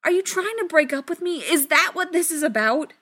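A woman voicing an anxious, excitable man who gets close to hysterical when flustered. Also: very slow, no echo, heavily acted. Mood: agitated. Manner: high-strung, rising to near-hysterical.

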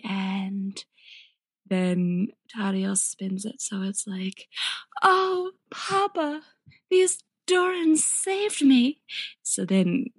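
A woman's voice: mid-range voice, vocal fry, darkish tone, no echo. Chatty woman retelling a story. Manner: chatty, voices characters in quick quoted asides. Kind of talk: casual fan-fiction plot retelling.

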